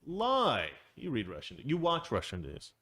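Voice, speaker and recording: Man host, chatty political commentary, lively pitch, dry close sound, rambling and opinionated. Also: measured pace, no echo. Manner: opinionated and rambling, chuckling often. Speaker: show host.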